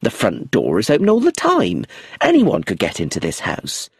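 A man's voice: on the low side, wildly swooping pitch, moderate pace, creaky, husky, no room sound, clean studio sound, full character voice. A man voicing a stern older woman, a family nanny, in a storybook reading. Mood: scolding. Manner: scolding, matter-of-fact.

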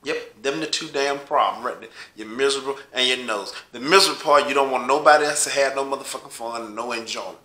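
Brief: LA man ranting profanely, very bright, cutting tone, echoey room. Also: fast talker, hardly any pauses. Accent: Los Angeles. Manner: swearing, heated, louder and higher when riled. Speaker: host of a rant show.

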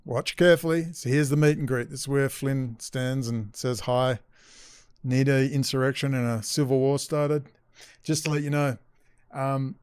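A man's voice: medium pitch, clear, resonant tone, no echo. A middle-aged man delivering a profane, sarcastic political rant as a commentator. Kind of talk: ranting video commentary.

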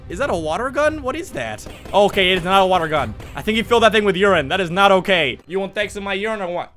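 A young man doing goofy, excitable gameplay commentary as a YouTuber. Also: high-pitched, quick pace, few pauses, soft background music. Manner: goofy, excitable, jokey asides. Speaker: gaming YouTuber.

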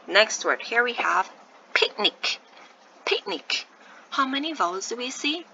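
Woman, grade one teacher, video lesson, patient syllable sounding, slight vocal fry, dull lo-fi sound. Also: a little high, animated, a little slow, pushed and bright, slight background noise. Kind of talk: online video lesson for young children.

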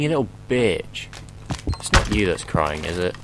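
A man's voice: low voice, big pitch swings, unhurried, very noisy. A young man commentating his horror gameplay, rambling and joking, swearing often and talking back to the game.

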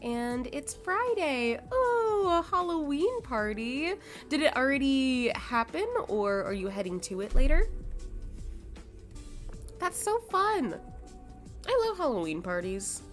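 Casual young woman game streamer, slow and expressive, reads chat aloud. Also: high voice, faint music behind. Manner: chatty, reads and answers chat messages; swears casually, laughs often. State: sleepy, yawning.

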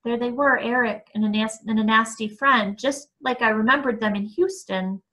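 A woman reading a novel aloud, expressive, with occasional small restarts. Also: fairly high pitch, moderate pace. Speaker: book reader.

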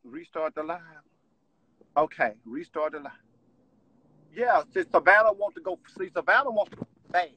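A high-voiced man with a husky, breathy edge rants on a live stream from home. He is agitated and profane, and he circles back over the same points again and again. The sound is dry and close. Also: animated, moderate pace, pauses often, bright, forceful tone, no echo, rough recording.

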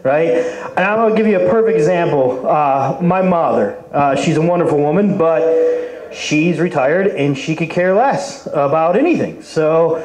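A man's voice: on the high side, expressive, unhurried, darkish tone, reverberant, rough recording. A man in his forties doing a stand-up set at an open mic, rambling and crude. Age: 40s. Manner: rambling, lots of fillers and restarts, crude. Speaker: stand-up comedian. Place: brewery open mic stage.

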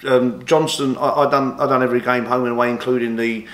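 A man's voice: medium pitch, flat delivery, fast talker, fairly bright tone, roomy sound. A man, an interview guest telling long rambling stories with many restarts, livening up when he quotes others. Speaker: interview guest, former boxer and golfer. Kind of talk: casual storytelling interview.

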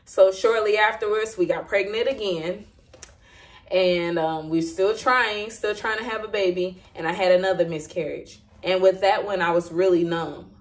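A woman sharing an emotional personal testimony in a candid, halting way, with many fillers and restarts. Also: medium pitch, steady tone. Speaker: Christian vlogger sharing a testimony.

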